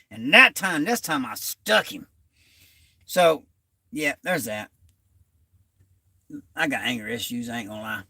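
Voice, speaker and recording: A man with a high, bright, ringing voice tells loose, rambling stories to his viewers. The sound is close and dry. He talks casually in thick slang as the host of his own channel. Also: dry recording. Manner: loose, rambling storytelling in Southern-style slang. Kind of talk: casual talk to camera.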